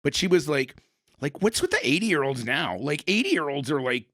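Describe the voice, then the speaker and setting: A man's voice: on the high side, very animated, moderate pace, pushed and bright, no room sound, studio quality. A middle-aged man hosting a podcast, rambling and telling stories in a casual, self-interrupting way. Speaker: podcast host.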